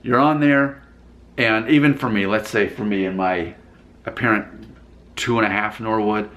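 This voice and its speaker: Guy rambling through viewer comments on his vlog, kinda low voice, laughs easy. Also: fairly even intonation, normal speed, fairly bright tone. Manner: chatty, rambling, breaks into laughter. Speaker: vlogger reacting to viewer comments. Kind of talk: casual unscripted commentary.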